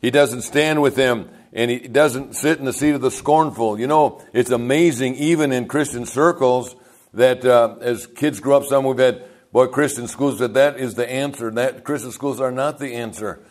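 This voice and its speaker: A man's voice: mid-range voice, normal speed. An older man, a pastor, telling rambling folksy stories in a sermon and chuckling as he goes. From United States.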